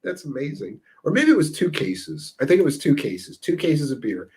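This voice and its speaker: A man's voice: on the high side, big pitch swings, normal speed, darkish tone. Tipsy guy rambling thru stories on a live stream, laughs a lot. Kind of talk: casual chat with viewers. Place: Seattle area.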